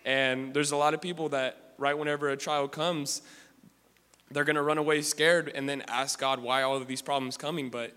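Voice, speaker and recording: A man's voice: a little high, fairly even intonation, normal speed, sharp tone, clean tone. A man preaching a sermon, reading scripture aloud and then commenting on it in casual, slangy talk with frequent restarts. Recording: long hall reverb.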